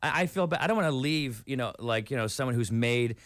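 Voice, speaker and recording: A man guesting in a radio studio, spinning funny stories with bursts of laughter and lively jumps in pitch. His voice sits in a middle register and sounds dry and close. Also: fast, dry recording. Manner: animated, laughing storyteller. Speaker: comedy tour guest.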